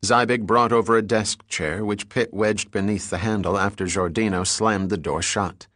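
In a low voice at a moderate pace, an audiobook narrator reads a scripted action thriller with steady, even storytelling. The sound is dry and close, without room echo.

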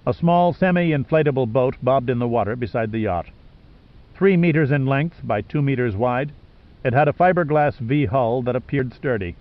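A man reading an audiobook in steady scripted narration. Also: mid-range voice, normal speed, dull audio.

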